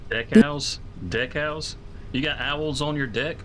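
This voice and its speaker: A man streaming a farming game, chatting casually and excitably, rambling with swears and laughs. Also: on the high side, slow, a crowd in the background.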